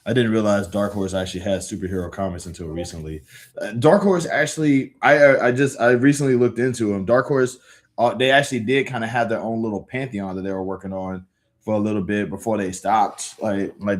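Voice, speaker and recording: Guy streaming, talks loose n rambly, lots of ums, kinda low voice. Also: moderate pace. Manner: rambling, laid-back, many fillers and restarts. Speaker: livestream host reading comics aloud. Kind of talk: casual livestream chat.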